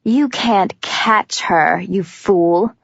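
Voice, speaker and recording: A man's voice: high voice, extremely slow, vocal fry, fairly bright tone, highs cut off, exaggerated voice. A woman voicing a proud young male commander who turns mocking and frantic in an audiobook. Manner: mocking, then frantic and pleading.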